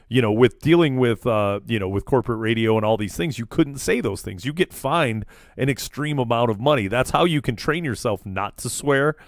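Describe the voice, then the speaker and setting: A man hosting a loose, casual podcast, rambling along with a steady stream of fillers and false starts. His voice sits at an ordinary middle pitch. The sound is dry and close, with no room echo. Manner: rambling, many fillers and restarts. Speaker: podcast host. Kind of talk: casual chat. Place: small studio in a vape shop.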